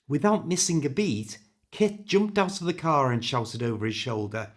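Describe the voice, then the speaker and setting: A man with a British accent reading a story aloud for English learners, clear and expressive. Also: medium pitch, normal speed, hardly any pauses. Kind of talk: scripted story narration.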